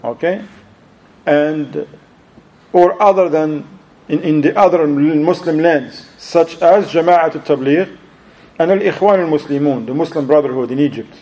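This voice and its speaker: A man giving an Islamic lecture and answering questions, animated, mixing Arabic phrases into his English. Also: on the high side, measured pace, rough recording. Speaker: Islamic preacher.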